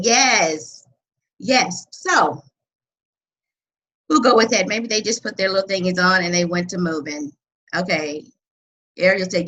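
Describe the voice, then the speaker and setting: Bright husky woman hosting a webinar. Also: lowish voice, unhurried, poor audio. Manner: energetic, loud, reads out chat comments. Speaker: webinar host and coach. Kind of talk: live webinar teaching.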